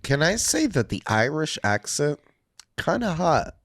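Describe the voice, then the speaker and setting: Male podcast co-host, deep and very slow, wry interjections, dry close recording. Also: big pitch swings, fairly bright tone, dry recording. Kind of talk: casual chat.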